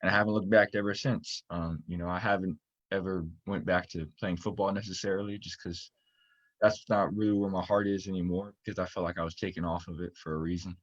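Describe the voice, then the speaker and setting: A young man from Florida with a very low, deep voice tells his story as a guest in a casual interview. He talks earnestly and rambles with many fillers. The sound is dry and a little dull, as from a lo-fi recording. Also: steady tone, a little fast, dry recording. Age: young adult. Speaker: student-athlete guest.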